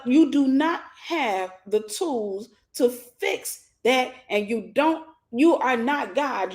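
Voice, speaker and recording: A woman minister giving an animated teaching sermon, acting out scenes and speaking straight to her listeners. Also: sits high. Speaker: minister and mentor.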